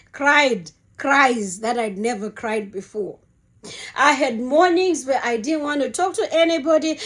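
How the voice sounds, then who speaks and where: A woman's voice: high voice, a bit bright. A middle-aged woman giving an emotional, earnest Christian testimony in a sermon-like way, often repeating her words.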